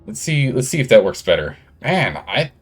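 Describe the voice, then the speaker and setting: A man with a medium-pitched, very animated voice talks at a moderate pace over soft background music. He's streaming a game live, chatting casually with viewers while distractedly adjusting the gain on his studio microphone.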